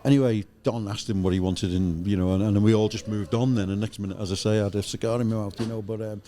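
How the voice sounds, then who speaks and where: A man's voice: on the low side, steady tone, fast talker, mellow. A middle-aged man, a former football press officer, telling rambling stories as a guest with many "you know" asides. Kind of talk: casual storytelling chat.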